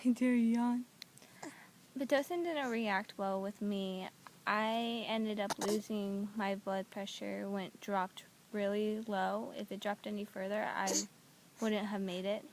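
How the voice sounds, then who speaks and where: Young mom talking candidly at home, emotional, lots of restarts, bit of faint noise. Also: female voice, mid-range voice, fairly even intonation, slow pace. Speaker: new mother. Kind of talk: personal storytelling vlog.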